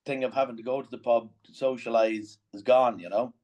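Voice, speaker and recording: A man's voice: medium pitch, steady tone, brisk, a little mellow. Reflective Irish man on a call. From Ireland. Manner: reflective, heavy on "you know" fillers. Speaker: podcast guest. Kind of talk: casual chat. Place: remote call.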